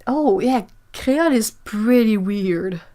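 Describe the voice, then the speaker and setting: A woman's voice: on the high side, expressive, slow, warm tone. A young woman, hosting a casual livestream chat, musing aloud and sounding out words with frequent laughs. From Quebec, Canada. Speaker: livestream host, artist.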